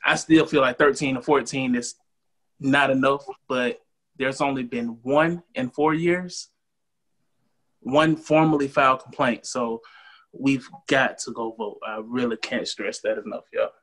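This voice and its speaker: A man's voice: medium pitch, fairly even intonation, a little slow, fairly bright tone. A man on a podcast talking casually and urging his listeners. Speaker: podcast co-host. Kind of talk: casual conversation.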